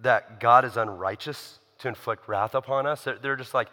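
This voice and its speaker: Bright-voiced man preaching in a hall. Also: fairly low pitch, normal speed. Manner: conversational, emphatic, uses rhetorical questions. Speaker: pastor. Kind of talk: sermon.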